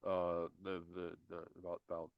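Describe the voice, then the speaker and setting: A man's voice: low-pitched, monotone, moderate pace, clean tone, dry recording, highs cut off. A man co-hosting a casual podcast, talking in a heated, emphatic way, repeating himself with many restarts. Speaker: podcast co-host. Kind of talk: casual political podcast chat.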